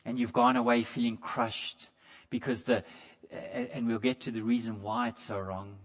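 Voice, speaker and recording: A man's voice: mid-range voice, level tone, moderate pace. Man preaching on a dull, lo-fi recording. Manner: conversational, repeats words when restarting; asks the congregation direct questions. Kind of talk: sermon.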